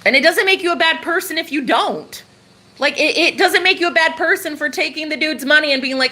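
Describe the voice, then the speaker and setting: A young woman chats to her livestream viewers in a loose, rambling way, swearing as she goes. Her voice sits a little high and sounds bright and forward. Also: fairly quick. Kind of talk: casual livestream monologue.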